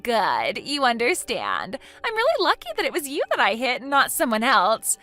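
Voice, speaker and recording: A woman's voice: fairly high pitch, huge pitch swings, moderate pace, sharp tone, no echo, soft background music, exaggerated voice. A synthetic woman's voice playing an entitled young woman who talks in an indignant, self-pitying way.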